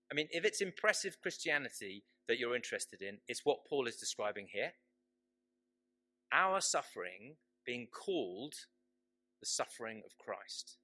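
Slow, emphatic male preacher. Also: mid-range voice, bright, forceful tone. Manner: slow, emphatic, repeats key phrases. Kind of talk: sermon.

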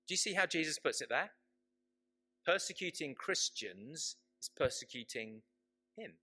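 A man preaching a sermon, slow and emphatic, repeating his key phrases for weight. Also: mid-range voice, sing-song, sharp tone.

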